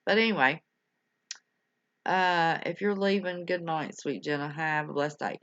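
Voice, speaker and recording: Speaking in a low, unhurried voice with fairly even intonation and a slightly bright tone, an older woman chats with viewers on her livestream. She's folksy and affectionate, calling everyone honey and y'all. The recording is dull, lo-fi home stream audio.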